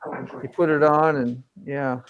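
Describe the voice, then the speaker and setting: A man's voice: mid-range voice, steady tone, takes it slowly, narrow, tinny audio, a little hiss or hum. A man hosting a casual live stream chat, rambling and reminiscing.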